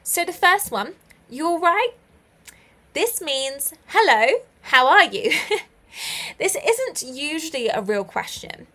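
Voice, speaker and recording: A woman's voice: high voice, sing-song, slow, pauses often, pushed and bright. A young British woman teaching English in a live online lesson, encouraging learners and praising them often with light laughs.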